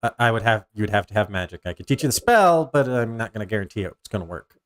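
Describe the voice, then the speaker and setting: A man with a New Zealand accent runs a tabletop role-playing game as game master. His voice sits a little low, and he narrates scenes in halting bursts with frequent restarts. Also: animated.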